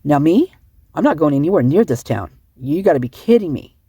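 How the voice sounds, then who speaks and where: A woman's voice: low-pitched, big pitch swings, brisk, mellow, slightly rough, no echo, studio quality. A middle-aged woman giving rambling, emotional casual commentary, sleep-deprived and often restarting her sentences. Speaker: online commentator.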